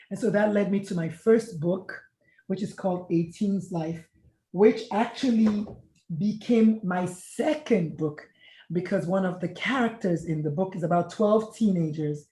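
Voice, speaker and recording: Warm-voiced woman telling her story. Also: fairly low pitch, unhurried. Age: middle-aged. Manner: reflective, earnest, retells conversations in dialogue. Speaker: guest, retired pediatrician and life coach. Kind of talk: conversational storytelling interview. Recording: echoey room sound.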